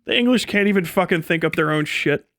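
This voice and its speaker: A man's voice: a little high, fast, fairly bright tone, no room sound. A man chatting casually on a livestream, laid-back, swearing often and laughing between remarks. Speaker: streamer.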